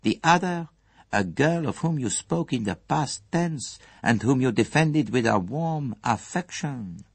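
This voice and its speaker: A shrewd, fastidious elderly detective, voiced by a male audiobook reader, laying out his case with calm, relentless care. The voice is husky and lively in its rises and falls. It is recorded close and dry. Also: medium pitch, no echo, pitched above the performer's own voice, exaggerated voice. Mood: accusing, measured. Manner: measured, gently relentless. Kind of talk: audiobook character reading.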